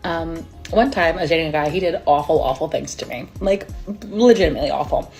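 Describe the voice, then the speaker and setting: Wry low-voiced woman telling date stories. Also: fast, creaky, darkish tone, faint music behind. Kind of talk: storytelling vlog.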